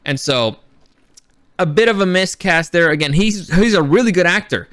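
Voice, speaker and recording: A man's voice: high-pitched, animated, normal speed, a bit bright, no echo, clean studio sound. A man giving a casual, rambling film review, blunt and a little profane, with frequent restarts. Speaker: movie reviewer.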